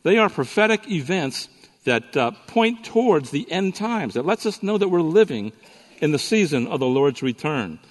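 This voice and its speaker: A man delivers a lively sermon-style talk at a conference, his voice sitting a little high and carrying a long reverb from the hall. He swings between storytelling and teaching, tossing playful asides to the crowd. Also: normal speed. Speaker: conference speaker.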